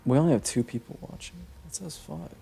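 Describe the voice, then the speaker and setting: A man's voice: a little high, brisk, creaky, dark tone, a little hiss or hum. A young man streaming a game, telling a long personal story in a casual, rambling way with many fillers and restarts. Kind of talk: casual storytelling while gaming.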